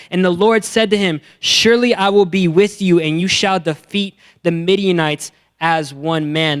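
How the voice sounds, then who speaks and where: A young man giving a youth sermon, energetic and playful, acting out the characters in his stories with slang. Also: a little high. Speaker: youth pastor.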